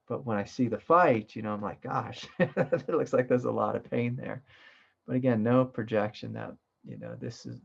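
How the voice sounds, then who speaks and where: A man with a gravelly, creaky voice of middle pitch gives a reflective spiritual teaching. He speaks gently and loosely, with fillers and asides. The recording sounds dull and lo-fi. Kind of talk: satsang talk.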